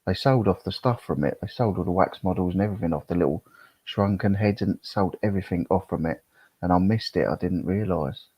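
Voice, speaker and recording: A man's voice: deep voice, a little fast, no room sound. A middle-aged man chatting casually on a live stream, rambling and reading chat comments aloud. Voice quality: gravelly, husky. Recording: dull, lo-fi sound.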